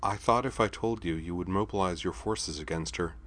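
A man's voice: low-pitched, a little fast, fairly bright tone. A man doing a clipped, cold young woman fighter. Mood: quiet. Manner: clipped and formal, no contractions.

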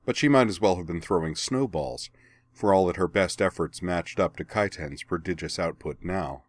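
A man giving steady, measured scripted narration of a story. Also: low-pitched.

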